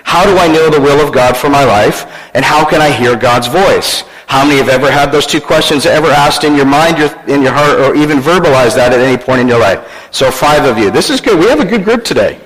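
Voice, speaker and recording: A man's voice: medium pitch, brisk, few pauses, a bit bright, big-room sound, rough recording. A man preaching a sermon as pastor, joking and teasing his congregation.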